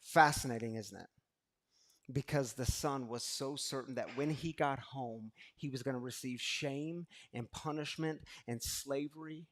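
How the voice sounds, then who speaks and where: A man preaching a recovery sermon, swinging between hushed, intimate talk and loud, passionate preaching, with casual phrasing like "y'all". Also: medium pitch, unhurried. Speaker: recovery community speaker.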